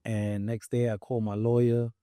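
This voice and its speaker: This young man's medium-pitched voice moves at normal speed, captured in studio quality without echo. Guesting on a podcast, he tells his story casually in a New York accent, animatedly imitating the voices of those he quotes.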